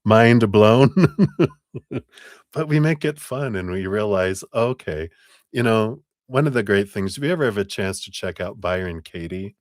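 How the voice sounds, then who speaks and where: A man's voice: lowish voice, animated, moderate pace, dry recording, clean studio sound. A man giving a live tarot reading in a chatty way, laughing often and acting out little quoted voices. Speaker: tarot reader.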